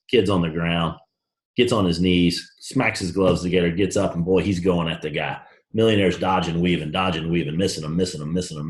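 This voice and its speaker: Storytelling as a motivational speaker, a man keeps things blunt and brash. His punchy delivery moves from low moments to shouted highs.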